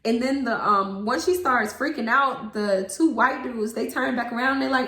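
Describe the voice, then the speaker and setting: Brief: young woman storyteller, fairly high voice, animated and profane, roomy echoey sound. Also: moderate pace, few pauses. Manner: animated, swears freely, acts out quotes. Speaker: storytime vlogger. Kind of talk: casual storytelling to camera. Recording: roomy echo.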